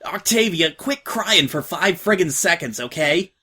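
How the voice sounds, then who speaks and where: A man's voice: high-pitched, expressive, unhurried, pushed and bright, husky, voice pushed up, exaggerated voice. A man voicing a tough, slangy young filly who talks bluntly and offhand. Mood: brash. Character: brash, tough young filly, slangy orphan-home veteran.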